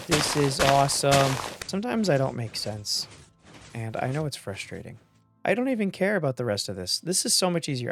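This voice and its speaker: A man hosting a gaming video, thinking aloud in casual commentary, self-mocking and quick to get excited. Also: medium pitch. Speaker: gaming channel host.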